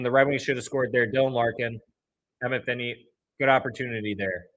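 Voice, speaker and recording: A young man hosting a fan livestream, calling the game play by play, partisan and quick to swing from flat calls into loud outbursts at the refs. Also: medium pitch, lo-fi sound. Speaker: livestream host.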